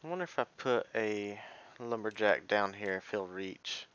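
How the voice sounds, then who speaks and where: A man's voice: lowish voice, normal speed, fairly bright tone, clean tone, lo-fi sound. A man giving casual gameplay commentary as a let's play streamer, thinking aloud and muttering half-finished sentences as he plays.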